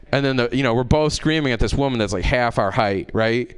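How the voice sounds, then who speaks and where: A man doing a stand-up set, telling a profane, rambling story that builds to yelling, on a handheld mic in a comedy club. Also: medium pitch, normal speed, smooth.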